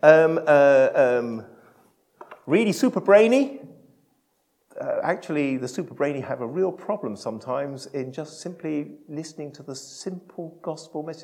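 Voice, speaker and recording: A man preaching a sermon to his congregation in a church service, animated, swinging between loud emphasis and quiet asides, with self-deprecating humour. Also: on the high side, unhurried. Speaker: pastor.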